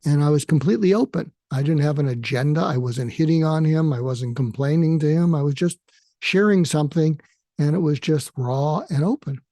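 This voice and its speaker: Guy hosting his own show, thinking out loud, lots of uhs and restarts, low mellow tone, dry close sound. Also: dry recording. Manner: halting, with frequent fillers and restarts. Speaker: podcast host and therapist. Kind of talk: reflective spoken monologue.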